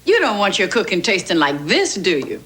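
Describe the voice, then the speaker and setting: A woman's voice: medium pitch, huge pitch swings, moderate pace, background noise. A woman presenting a TV commercial in a friendly, persuasive manner. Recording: 1980s TV ad with loud music.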